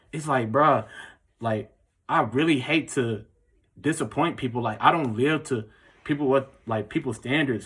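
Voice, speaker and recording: A man's voice: medium pitch, fairly bright tone, slightly rough. A young man, telling a personal story in a rambling, casual way full of filler words. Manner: rambling, heavy use of "like" and "bro". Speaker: vlogger.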